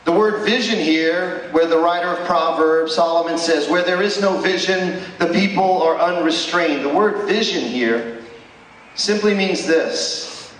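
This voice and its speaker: A man's voice: a little high, measured pace, fairly bright tone. Man preaching in an echoey chapel. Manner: emphatic preaching with rhetorical questions. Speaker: chapel speaker. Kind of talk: sermon. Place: school chapel. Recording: echoey hall, distant mic.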